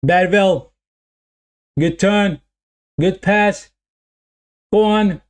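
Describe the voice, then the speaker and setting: Live football watch-along commentary comes from a man whose voice is on the high side and a little slow. He reads chat messages aloud, repeats his phrases and gets excited at the play.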